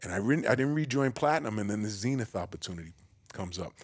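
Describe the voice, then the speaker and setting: A man from the Bronx with a New York accent, a podcast guest telling his story in a big, loud, boisterous way. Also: lively intonation, fast, husky, dry recording, studio quality. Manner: acts out quoted voices with a raised pitch. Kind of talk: casual storytelling conversation.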